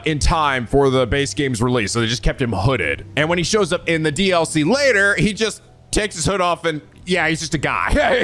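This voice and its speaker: Excitable man with a lively, high voice. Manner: excitable, swearing, jokey recaps with shouted outbursts. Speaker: let's play host. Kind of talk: energetic gameplay commentary.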